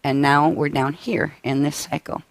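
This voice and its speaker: A man presenting a live-stream workshop briefing, tired and coughing, with his voice giving out and frequent halting restarts. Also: on the high side, flat delivery, creaky, dry recording. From United States. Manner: tired, up all night.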